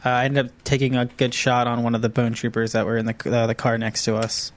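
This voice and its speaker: A man's voice: medium pitch, fast talker, a little hiss or hum. A man hosting a tabletop game podcast who jokes with his players and gets the recap going. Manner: animated, joking, leads the recap. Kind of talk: casual chat.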